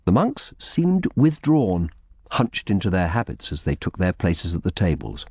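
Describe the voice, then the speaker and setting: Low-voiced man narrating a historical mystery. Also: huge pitch swings, measured pace, a little mellow, slightly rough, no room sound, studio quality. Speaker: audiobook narrator. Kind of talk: scripted first-person narration.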